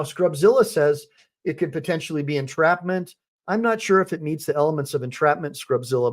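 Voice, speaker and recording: A man, an attorney, giving opinionated, mocking commentary on video clips. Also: a little high.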